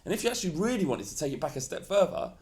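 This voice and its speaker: Man, podcast co-host, ranting, swearing, high-ish voice. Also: sing-song, racing, darkish tone. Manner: heated, ranting, swears freely. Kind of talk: casual football chat.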